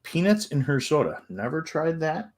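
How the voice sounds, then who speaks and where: A man's voice: fairly high pitch, sing-song, normal speed. Easygoing man co-hosting a chat show. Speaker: co-host. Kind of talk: casual chat, reading viewer messages.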